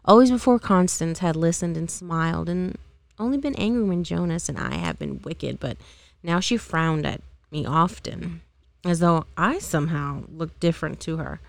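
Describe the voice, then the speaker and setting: A woman's voice: on the low side, expressive, normal speed, creaky, no echo. A woman reading a novel aloud as an amateur, unpolished, with occasional slips and re-reads. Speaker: amateur reader.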